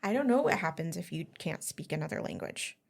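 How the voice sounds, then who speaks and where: A woman's voice: low-pitched, sing-song, fairly quick, creaky, slightly rough. Chatty woman podcast host, lots of ums, giggles while she tells a story. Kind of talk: casual chat telling a story.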